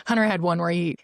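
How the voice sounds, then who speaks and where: A woman's voice: on the low side, vocal fry, dry recording. Giggly woman podcast host, dry sound. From northern United States. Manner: giggly, chatty, laughs often. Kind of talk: casual podcast chat. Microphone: podcast microphone.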